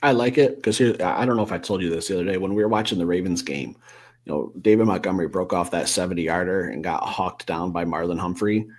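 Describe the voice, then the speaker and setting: A man's voice: low voice, quick pace, darkish tone. A man co-hosting a casual sports podcast, rambling through football predictions with a few self-corrections. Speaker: co-host.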